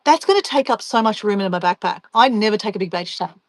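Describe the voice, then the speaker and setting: A woman's voice: medium pitch, animated, quick pace, no echo. A woman, a travel vlogger chatting casually and playfully with livestream viewers while she packs. She laughs often and talks to herself as she goes. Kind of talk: casual livestream chat reading viewer comments.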